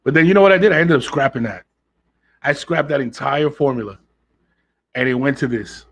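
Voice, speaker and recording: A man with a fairly bright, mid-range voice and some vocal fry hosts a casual solo podcast at a brisk pace. He talks straight to his audience, blunt and emphatic, with plenty of slang and cursing.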